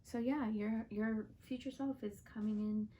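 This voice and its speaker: A woman's voice: a little high, steady tone, moderate pace, dark tone, distant mic, dull audio, slight background noise. A woman giving a casual, heartfelt tarot reading, chatty and full of fillers. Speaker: tarot card reader and channel host.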